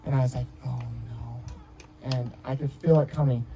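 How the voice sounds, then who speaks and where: A man's voice: mid-range voice, fairly even intonation, normal speed, mellow, highs cut off, soft background music. A young man in his twenties giving a heartfelt wedding speech as the groom, telling stories with many restarts and fillers. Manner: rambling storytelling with many restarts. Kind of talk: emotional personal speech.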